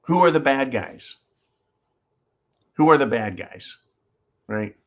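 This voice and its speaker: Worked-up guy ranting on his own show, cusses a lot, keeps saying folks, mid-pitched voice. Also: lively intonation, slow pace. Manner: fired-up, profane, repeats phrases, addresses "folks". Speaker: host of a live call-in show. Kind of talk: heated political rant.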